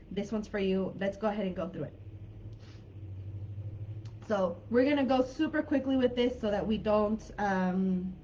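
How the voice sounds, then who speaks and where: A woman's voice: mid-range voice, darkish tone, lo-fi sound, slight background noise. An American woman from California teaching a live online English class in a chatty, informal way, with many fillers and hedges. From California, United States.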